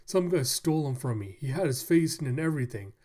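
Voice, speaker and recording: A man voicing a grumbling male townsman who complains loudly. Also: a little high, lively intonation, fast.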